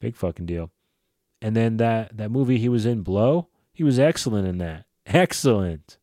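A man in his forties talks loosely through his solo podcast, swearing freely and stumbling over fillers and restarts. His voice sits a little low and has a dark, mellow tone. The recording is dry and close, with no room sound. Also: moderate pace, no room sound. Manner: rambling, profane, lots of fillers and restarts. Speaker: podcast host. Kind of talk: casual solo podcast talk.

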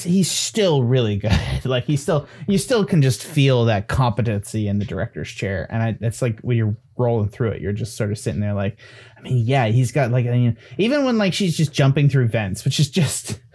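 A man talks loosely on a film review podcast, his pitch sitting right in the middle for a man. He rambles and restarts, jumps around in his delivery, swears freely and laughs between thoughts. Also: expressive, normal speed, a little mellow. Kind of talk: casual chat.

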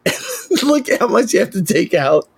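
A man's voice: sits high, big pitch swings, moderate pace, vocal fry, slightly rough. A man co-hosting a casual podcast chat who teases the others and laughs a lot. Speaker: podcast co-host.

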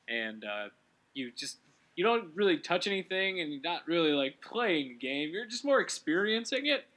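A man hosting a relaxed gaming commentary, rambling and correcting himself as he talks, with quick laughs. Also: a little high. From Canada. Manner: rambling, self-correcting, giggly. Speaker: let's play host.

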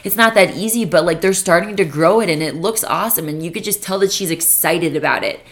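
A young woman hosts her own podcast solo, speaking fairly quickly in a lowish voice into a podcast mic. Her casual monologue rambles, swears freely, and is packed with "like" fillers.

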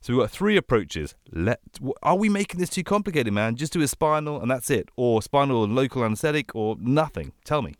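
A man co-hosting a casual podcast chat on clinical practice, speaking in animated bursts and rattling off lists. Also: mid-range voice, dry recording, clean studio sound. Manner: animated, quick lists, rising excitement. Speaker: anesthesiologist podcast co-host.

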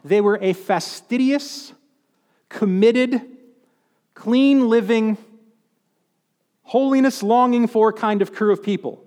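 A man's voice: high voice, slow, long pauses, a little mellow, smooth, long reverb tail. A man preaching a sermon in a conversational, humorous way, acting out quotes as he goes. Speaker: pastor.

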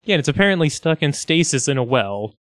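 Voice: medium pitch, big pitch swings, quick pace, no room sound. Player at the table, casual and loose, dry close sound.

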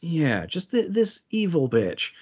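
A man co-hosting a casual film podcast, swearing freely and acting out scenes in quick voices. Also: on the high side, very animated, darkish tone, slightly rough, lo-fi sound. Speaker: podcast co-host.

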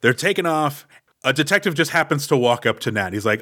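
Bright-voiced man chatting about movies. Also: medium pitch, lively intonation, fairly quick. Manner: rambling with restarts and laughs. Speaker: podcast co-host. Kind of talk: casual movie recap chat.

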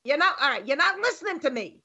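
A woman's voice: high-pitched, very animated, fast talker, pushed and bright, lo-fi sound. A woman co-hosting a casual chat, blunt and emphatic as she explains things. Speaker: podcast co-host.

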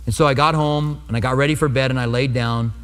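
A man's voice: mid-range voice, steady tone, fast talker, fairly bright tone. A man preaching a sermon as pastor, telling a personal testimony in an earnest, conversational way. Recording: long hall reverb.

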